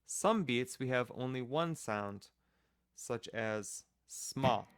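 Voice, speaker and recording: A man's voice: medium pitch, expressive, slow, smooth, dry recording, clean studio sound. A man teaching a children's music class, patiently explaining rhythm step by step and counting off the beat.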